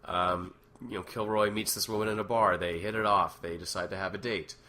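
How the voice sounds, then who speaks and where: Bright-voiced man musing with many ums. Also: deep voice, a little fast. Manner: relaxed, many fillers and restarts. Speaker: web series creator. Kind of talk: casual commentary.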